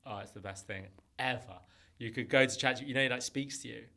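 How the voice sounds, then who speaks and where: A man in his thirties, a comedian guest chatting casually on a podcast in an animated, jokey way and quick to laugh. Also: mid-range voice, creaky. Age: 30s.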